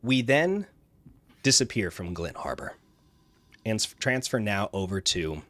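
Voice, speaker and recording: A man's voice: lowish voice, very animated, unhurried, fairly bright tone. A man narrating a tabletop game as game master, rambling with frequent fillers and restarts.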